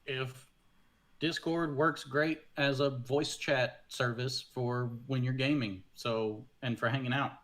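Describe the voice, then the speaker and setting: A man's voice: medium pitch, steady tone, slow, fairly bright tone. A man on a casual panel chat, giving opinionated, rambling takes. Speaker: podcast panelist.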